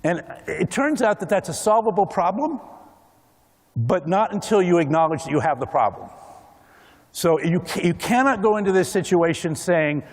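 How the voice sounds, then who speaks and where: A man's voice: high voice, animated, normal speed, in a large hall. A man giving a conference keynote talk, acting out other people's voices as he goes. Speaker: keynote speaker. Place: large conference hall.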